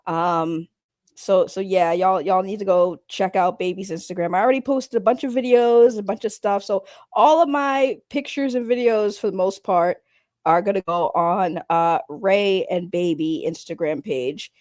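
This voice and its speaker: A woman with a medium-pitched, darkish voice hosts a livestream at a moderate pace, recorded cleanly in a studio with no echo. Her chat is casual and rambling, and she greets viewers bluntly, joking and swearing freely.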